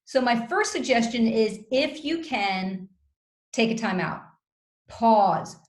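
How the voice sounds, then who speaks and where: Roomy-sounding woman coaching with measured pauses. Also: on the high side, animated. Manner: measured, explanatory, with deliberate pauses. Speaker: communication skills guest expert. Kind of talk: coaching advice in conversation. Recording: roomy echo.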